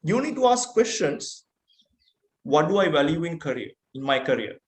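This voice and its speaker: A man's voice: on the high side, big pitch swings, moderate pace. A man with a Sri Lankan accent giving a motivational keynote speech, earnest and full of rhetorical questions. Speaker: keynote speaker. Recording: roomy echo.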